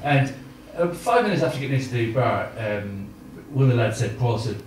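At a live comedy venue, a middle-aged man does stand-up, wandering through self-deprecating stories and filler words. He speaks fairly quickly, with lively intonation at a medium pitch. The recording is distant and echoey, with slight background noise.

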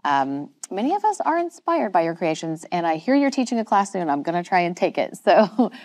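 A friendly woman host wraps up with guests and introduces the next segment. Her voice is on the low side and sounds dry and close. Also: big pitch swings, fairly quick, darkish tone, no echo. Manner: friendly, encouraging. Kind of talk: podcast interview hosting.

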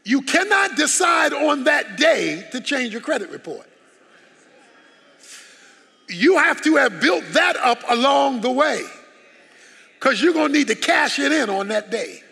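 A man's voice: very high voice, very animated, measured pace, gravelly, long pauses, bright, forceful tone. A man preaching a sermon as pastor, emphatic and full of rhetorical questions. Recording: long hall reverb.

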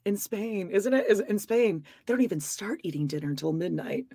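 Woman co-host, casual gossipy chatter, mid pitch, dry close mic. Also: animated, a little fast, vocal fry, dark tone, breathy edge, no room sound. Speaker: podcast co-host. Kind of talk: casual chat on a live stream.

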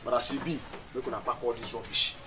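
An actor playing a bossy gang tough in a Nollywood film, scolding in a Nigerian Pidgin accent. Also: male voice, medium pitch, little pitch movement, quick pace, natural voice. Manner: scolding, commanding. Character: bossy male gang tough, demanding respect. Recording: film scene with noisy crowd.

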